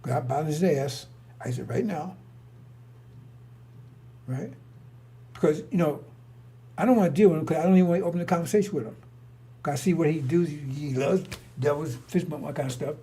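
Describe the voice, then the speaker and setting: Blunt, rambling older man, slightly high. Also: fast talker, mellow. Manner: blunt and confrontational, with frequent restarts and profanity. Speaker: storyteller. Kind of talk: rambling casual monologue.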